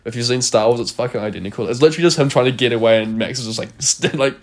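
A man in casual podcast chat, telling a story in an animated way, swearing freely and laughing often. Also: medium pitch, racing.

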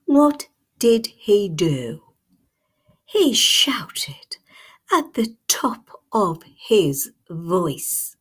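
A woman telling a storybook tale in hushed, whispered storytelling ASMR, with lingering pauses. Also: mid-range voice, sing-song, husky.

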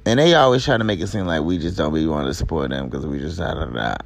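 A man's voice: low-pitched, fast, faint music behind. A young man hosting a podcast, ranting in an angry, exasperated and profane way. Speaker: podcast host. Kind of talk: angry commentary rant.

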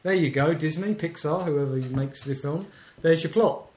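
English man, dry deadpan co-host, fairly high voice, echoey room recording. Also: normal speed. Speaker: podcast co-host. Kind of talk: casual chat.

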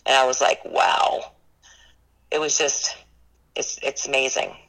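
A woman who runs a ghost tour business earnestly recounts her paranormal experiences in an interview, rambling with lots of "like" and "you know." Her voice is very deep and a bit bright, with little pitch movement, at a moderate pace. The recording quality is low.

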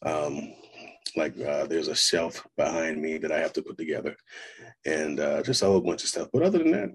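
Deep-voiced man, husky and relaxed. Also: moderate pace, no room sound, far from the mic. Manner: relaxed, rambling storyteller with fillers. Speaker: voice actor guest. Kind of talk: casual interview chat.

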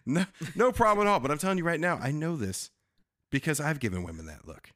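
Animated man telling a story. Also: fairly high pitch, moderate pace. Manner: animated storyteller, acts out quoted voices. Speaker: podcast co-host. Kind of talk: casual chat.

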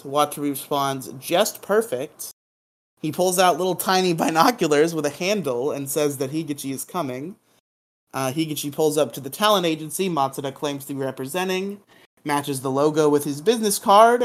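A man's voice: a little high, normal speed. A man hosting a podcast, recapping a TV episode in a casual, joking, irreverent way. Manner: joking, irreverent, hums silly sound effects. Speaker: podcast host.

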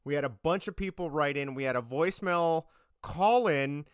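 A young man hosting a casual sports podcast, chatty and rambling, quick to laugh. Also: fairly high pitch, clear, resonant tone, no echo, clean studio sound. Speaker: podcast host.

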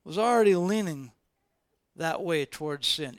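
A man preaching a sermon as informal, animated storytelling, repeating phrases for emphasis. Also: a little high, normal speed, clean tone, no echo. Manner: animated, repetitive, colloquial storytelling.

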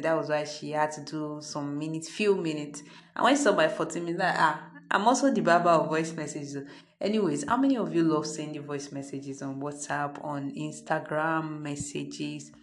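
A Nigerian woman hosting her own podcast, talking in a chatty, freewheeling, unedited monologue from her parents' home. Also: low-pitched. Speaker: podcast host.

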